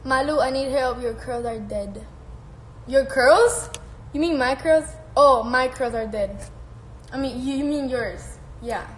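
A woman's voice: sits high, unhurried. A teenage girl on a live stream, chatting casually, reading and answering fan comments, laughing often and swearing freely. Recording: echoey room with faint background noise.

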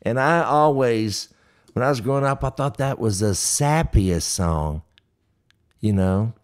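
A middle-aged man with a Texan accent, hoarse, hosting a folksy, joking livestream chat between hymns and reading viewer comments aloud. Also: medium pitch, animated, unhurried. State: hoarse, dry mouth. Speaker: gospel singer and livestream host. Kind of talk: casual livestream chat with hymn singing.

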